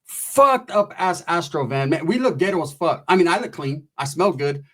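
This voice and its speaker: Brief: middle-aged male comic, husky and a bit high-pitched, loose and profane, slips into characters mid-story. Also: moderate pace. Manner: profane, animated, acts out quoted voices. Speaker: comedian storyteller. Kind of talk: stand-up storytelling.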